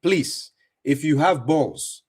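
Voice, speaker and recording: A man's voice: on the high side, expressive, slow, a little mellow, husky. A man hosting a live stream, commenting on clips and talking to viewers in a mocking, insistent way with lots of repetition. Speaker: livestream host reacting to clips.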